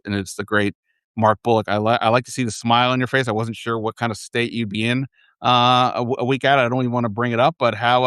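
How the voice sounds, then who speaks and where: A man's voice: medium pitch, fairly bright tone, no echo, clean studio sound. A man hosting a sports podcast in casual chat, rambling and restarting often as he thinks aloud. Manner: rambling, self-correcting, many restarts. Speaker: podcast host.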